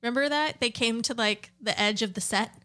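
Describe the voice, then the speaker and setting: A young woman co-hosting a podcast, chatting casually in an animated, giggly way and swearing freely. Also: on the high side, fairly quick. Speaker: podcast co-host. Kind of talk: casual chat.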